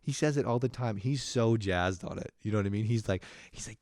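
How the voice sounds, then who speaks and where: Comedy podcast host, male, deep-voiced, casual rambling monologue full of swearing. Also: brisk, darkish tone, dry recording, studio quality. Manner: rambling, profane, laughing at his own stories.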